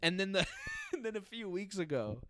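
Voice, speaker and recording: A man's voice: high-pitched, wildly swooping pitch, normal speed, pushed and bright, no room sound, clean studio sound. A young man hosting a podcast, chatting casually, swearing freely and laughing often. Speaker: podcast host. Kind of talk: casual chat.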